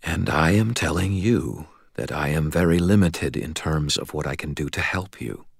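A man voicing a calm, sorrowful male archangel in an audiobook, speaking in a measured, quietly firm way. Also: rumbling low, creaky, breathy edge, no room sound, studio quality, heavily acted. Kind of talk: audiobook character voice.

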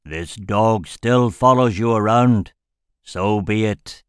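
A man voicing a hulking male shaman mage lord, cold and wrathful, with a low rumbling voice and a formal, growling delivery. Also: slow, clean tone, no room sound, clean studio sound. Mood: menacing.

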